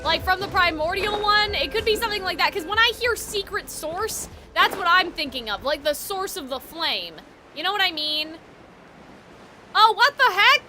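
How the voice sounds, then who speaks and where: A woman's voice: very high voice, animated, moderate pace. A woman streaming a video game, rambling through casual commentary, swearing freely and laughing at her own jokes. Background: game music.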